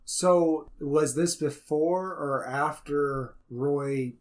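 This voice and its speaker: A man's voice: on the high side, drawn-out words. A man co-hosting a podcast, talking bluntly in casual chat and swearing freely. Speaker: podcast co-host.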